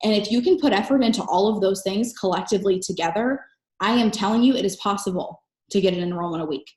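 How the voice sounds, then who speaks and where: A woman coaching network marketers in an energetic, emphatic solo talk, recorded at home in her kitchen. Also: medium pitch, echoey room. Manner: energetic, emphatic, fast-talking.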